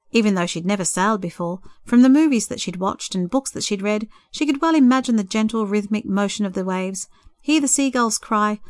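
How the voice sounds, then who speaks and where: A woman reads a story aloud in a gentle, expressive way, her voice at a middle pitch. The sound is close and dry, with no room around it. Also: no echo. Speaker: narrator. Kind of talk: storybook narration.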